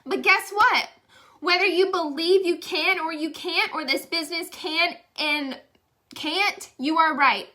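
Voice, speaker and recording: Young woman talking to camera, high voice, super candid and chatty, gets emotional. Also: measured pace, bright, forceful tone. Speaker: direct sales leader. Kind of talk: motivational testimonial.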